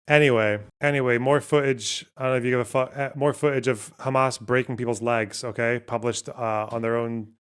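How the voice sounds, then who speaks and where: A man streaming live, commenting casually on the news, swearing and laughing often, reading out translated lines as he goes. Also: medium pitch. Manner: casual, profane, laughs often, self-mocking; reads translations aloud haltingly.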